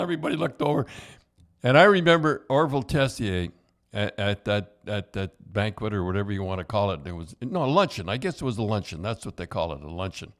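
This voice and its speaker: An older man, a podcast host and former coach, telling hockey stories in a rambling, halting way with chuckles. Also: mid-range voice. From Canada. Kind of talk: casual storytelling.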